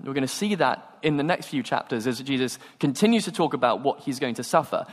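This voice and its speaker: A man preaching a sermon, telling stories and acting out the dialogue with animated energy. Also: mid-range voice, fairly quick, few pauses. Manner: animated storytelling, acts out dialogue. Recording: long hall reverb.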